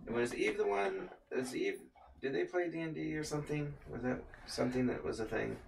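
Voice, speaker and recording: A man's voice: a little high, brisk, gravelly. A man co-hosting a casual livestream, joking around and reading viewer comments aloud. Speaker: livestream co-host reading chat. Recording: distant from the mic with faint noise.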